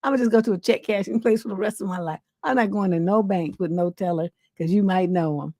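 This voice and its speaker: A woman's voice: medium pitch, fast, no echo, clean studio sound. Laughing woman hosting a live stream. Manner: laughs often, reacts loudly, quotes people in playful voices. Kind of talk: casual live stream chat.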